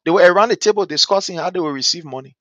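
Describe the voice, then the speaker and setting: Racing along in a high-pitched, fairly bright voice with no echo, a man from Liberia hosts a political talk show in Liberian English. He delivers fervent commentary, repeating his points, throwing out rhetorical questions and asking "guess what."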